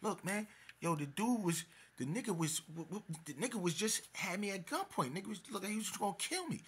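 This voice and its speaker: A man voicing a frightened man who stammers and pleads for his life in a high, strained voice. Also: very animated, fairly quick, a little hiss or hum. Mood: panicked.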